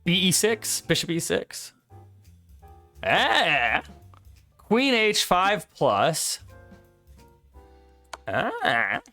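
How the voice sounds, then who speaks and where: A man with a bright, fairly high voice that swings all over the place as he replays a chess game. He jokes, laughs a lot and swears freely while calling out the moves in a casual chat. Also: huge pitch swings, extremely slow, long pauses, soft background music. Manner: joking, laughs often, swears. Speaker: co-host reviewing his chess game. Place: streaming setup.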